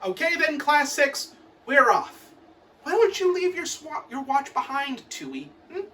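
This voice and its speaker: A woman's voice: sits high, very animated, unhurried, sharp tone, distant mic. A woman performing a comic recital of poems in a mock-stern, theatrical teacher's tone.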